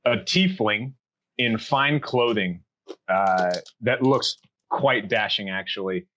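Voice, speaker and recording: Slow, laid-back male dungeon master. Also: fairly low pitch, rough recording. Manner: relaxed, rambling scene-setting with fillers. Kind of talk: narrating a tabletop game.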